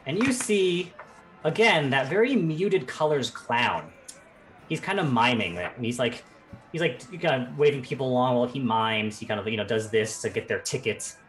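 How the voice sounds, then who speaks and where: Casting: lively male game master, rambling narration, very expressive pitch. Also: moderate pace, faint music behind. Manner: animated, rambling with fillers.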